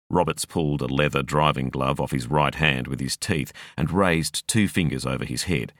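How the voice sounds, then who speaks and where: Male audiobook reader, extremely low voice, dry close sound, measured and expressive narration. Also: dry recording.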